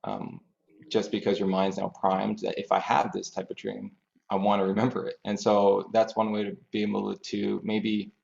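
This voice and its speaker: Male expert guest, thoughtful explainer, low gravelly voice on muffled audio. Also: monotone, moderate pace, darkish tone. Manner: thoughtful, explains through examples. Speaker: grief dream researcher, guest. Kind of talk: podcast interview, explaining. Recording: dull lo-fi audio.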